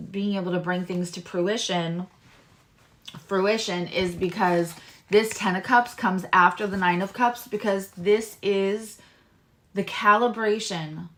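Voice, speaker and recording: A woman's voice: fairly low pitch, a bit bright. A woman hosting a live-stream tarot reading, chatting loosely with viewers and explaining cards. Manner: chatty and rambling, talks to chat viewers.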